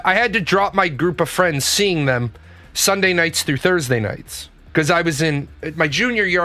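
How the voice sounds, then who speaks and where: A man's voice: fairly high pitch, sharp tone. A man giving a blunt, profane, rambling comedic monologue from his office. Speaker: comedic commentator.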